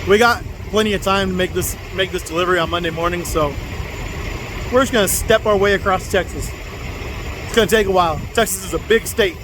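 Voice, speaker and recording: A man's voice: sits high, fairly quick. A middle-aged man, a truck driver, talking in a rambling, easygoing way to his video diary from his truck cab. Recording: vehicle noise behind the voice.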